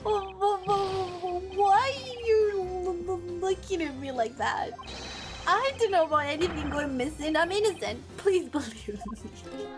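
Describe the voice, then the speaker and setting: A woman's voice: high-pitched, animated, normal speed, voice pushed up. A woman voicing a nervous, evasive young man who stammers and pleads his innocence. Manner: stammering, flustered. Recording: game music playing behind.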